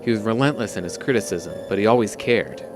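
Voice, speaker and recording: Male reader doing a tough woman bounty hunter, quiet and measured, lowish. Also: over music, natural voice, low-quality recording. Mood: reflective. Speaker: reading game dialogue aloud.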